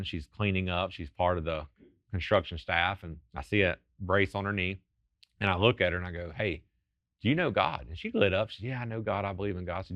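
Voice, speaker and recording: Deep fast-talking man. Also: no echo, muffled recording. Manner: fervent storytelling, quick and earnest. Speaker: ministry founder and guest. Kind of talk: testimony in a TV interview.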